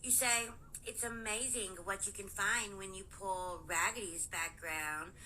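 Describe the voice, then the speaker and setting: A woman's voice: medium pitch, steady tone, measured pace, bright, forceful tone, a little hiss or hum, poor audio. A woman in a video rant, defiant and challenging, daring others to dig into her past.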